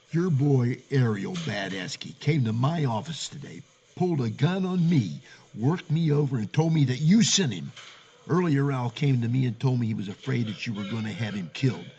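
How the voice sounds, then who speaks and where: Guy doing a gravelly tough detective, blunt and taunting, old radio comedy feel, dull lo-fi sound. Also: mid-range voice, animated, normal speed, a little mellow, a little hiss or hum, natural voice. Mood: grim. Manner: hard-boiled, taunting, blunt. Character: tough wisecracking noir detective, middle-aged man. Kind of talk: 1940s radio acting.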